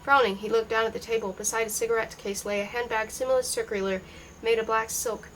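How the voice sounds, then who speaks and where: A woman's voice: a little high, steady tone, quick pace, a bit bright, a little hiss or hum, rough recording. Woman reading a novel aloud. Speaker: reader.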